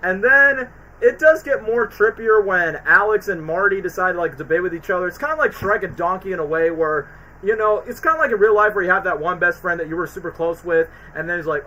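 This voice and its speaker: A man with a high, bright voice talks on a casual livestream. He rambles eagerly in loose, slangy sentences, piling one thought onto the next. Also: fairly quick, rough recording. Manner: rambling, excited, slangy retelling. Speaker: streamer reviewing movies.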